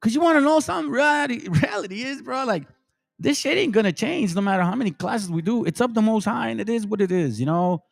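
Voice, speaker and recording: A man's voice: high voice, expressive, fast talker, gravelly. A grown man streaming live, talking emotionally and preachily to his viewers, full of slang like "man" and "bro". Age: adult. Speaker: streamer and religious commentator. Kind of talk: impassioned livestream commentary.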